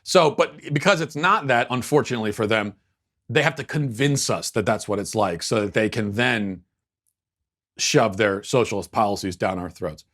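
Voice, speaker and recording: A man's voice: on the low side, normal speed, fairly bright tone. Sarcastic male political show host. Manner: sarcastic, mocking, with lots of restarts. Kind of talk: casual commentary.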